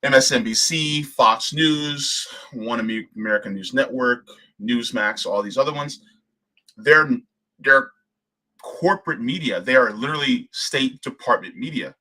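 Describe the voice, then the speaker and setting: A man's voice: mid-range voice, normal speed, hardly any pauses, pushed and bright. A man hosting a political livestream, arguing fiercely, firing off rhetorical questions and swearing now and then. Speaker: host.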